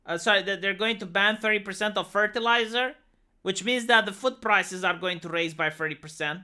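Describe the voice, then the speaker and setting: A woman's voice: medium pitch, a little fast, bright, forceful tone, clear, resonant tone. A woman from Romania, ranting on a casual livestream, swearing often and restarting her sentences. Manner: profane, exasperated, many restarts and fillers.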